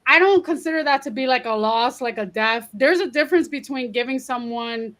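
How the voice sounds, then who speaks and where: A woman's voice: sits high, a little fast, a bit bright. A woman co-hosting a podcast in casual chat, speaking frankly and dropping in Spanish words. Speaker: podcast co-host.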